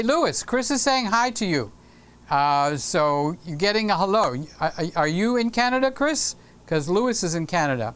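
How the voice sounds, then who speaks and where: A man's voice: sits high, fairly bright tone, clear, resonant tone. A middle-aged man hosting a live stream, chatting casually and teasing viewers by name as he reads their comments. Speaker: livestream host.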